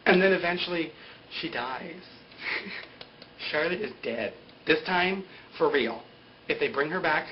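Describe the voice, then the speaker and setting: A young man recapping a TV episode in a casual, chatty way, full of fillers and quick laughs. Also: on the high side, dull audio, a little hiss or hum. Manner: chatty, filler-heavy, often laughs at own jokes. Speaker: TV recap vlogger. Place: indoor greenscreen video setup.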